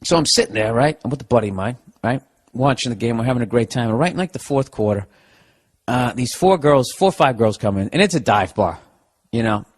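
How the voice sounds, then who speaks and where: A man's voice: medium pitch, lively intonation, brisk. A man hosting a podcast alone, delivering a sarcastic, profanity-filled comedic rant. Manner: profane, sarcastic, exasperated ranting. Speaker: podcast host. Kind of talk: comedic ranting monologue.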